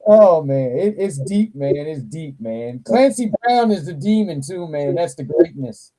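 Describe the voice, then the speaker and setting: A man hosting a casual live toy chat, talking with animated, profane energy and frequent laughter. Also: fairly high pitch, low-quality recording. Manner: animated, profane, laughs a lot, slow drawl. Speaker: toy channel livestream host.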